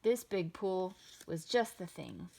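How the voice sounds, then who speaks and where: A woman reading a children's picture book aloud with expressive, sing-song delivery. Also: lowish voice, takes it slowly, creaky. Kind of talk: children's storybook read-aloud.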